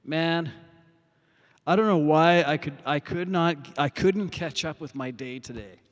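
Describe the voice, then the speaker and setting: A man hosts a casual music livestream from a parking lot, talking into a phone. His voice sits a little high for a man, and his loose, profane chatter is full of fillers and restarts. He sounds a bit out of breath, and a long reverb trails after his words. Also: a little slow. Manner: rambling, profane, many fillers. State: winded after performing.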